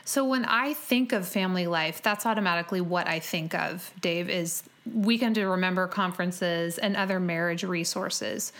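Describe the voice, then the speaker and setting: A woman's voice: fairly low pitch, normal speed, hardly any pauses, a bit bright. Woman host asking questions. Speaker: podcast host. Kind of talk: interview question.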